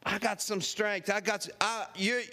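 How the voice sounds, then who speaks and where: A man's voice: sits high, moderate pace. A male preacher telling a story in a sermon, laughing as he acts out the voices of the people in it. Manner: lively, laughing storyteller who acts out quotes.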